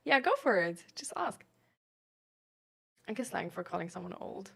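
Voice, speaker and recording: A woman's voice: on the low side, big pitch swings, normal speed, gravelly, sharp tone, breathy edge. A young woman streaming and answering chat questions in casual talk, rambling with lots of "like" and "um". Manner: rambling, fills every phrase with "like" and "um".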